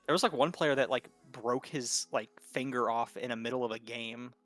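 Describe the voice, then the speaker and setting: A man's voice: mid-range voice, normal speed, fairly bright tone, faint music behind. A man from the Southern US with a light Southern accent, casually co-casting a game stream, joking and rambling. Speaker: tournament co-caster.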